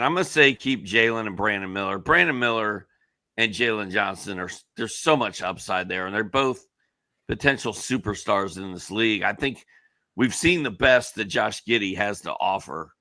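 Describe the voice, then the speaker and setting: A man's voice: on the low side, normal speed, sharp tone. A man co-hosting a sports podcast in a casual chat, thinking aloud and weighing both sides. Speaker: co-host.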